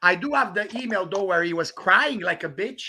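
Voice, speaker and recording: High, gravelly man ranting and mocking. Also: animated, fairly quick, pushed and bright. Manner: mocking, profane, laughing at a rival. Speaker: livestream host. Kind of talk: ranting livestream chat. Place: outdoors on a walk in the rain.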